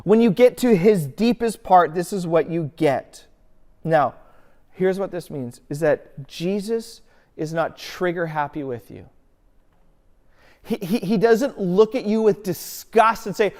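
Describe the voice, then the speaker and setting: A pastor delivering a sermon in a church, his voice sitting a little higher than most men's. He preaches earnestly, keeps asking rhetorical questions, and moves from loud, pressing emphasis down to hushed, gentle lines. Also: animated, unhurried. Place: church sanctuary.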